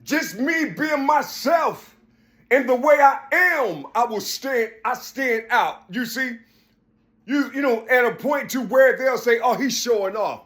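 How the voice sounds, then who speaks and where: An adult man giving a rambling spiritual monologue, preachy and repetitive, often jumping between high and low voices. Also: lively intonation, takes it slowly, a bit bright. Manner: preachy, repeats "you see".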